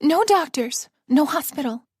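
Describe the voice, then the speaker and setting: A woman's voice: sits high, expressive, unhurried, darkish tone, no echo, clean studio sound, pitched above the performer's own voice. A woman narrator voicing a frail elderly woman who speaks weakly but insistently, in an audiobook. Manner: weak and insistent. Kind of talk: audiobook character voice.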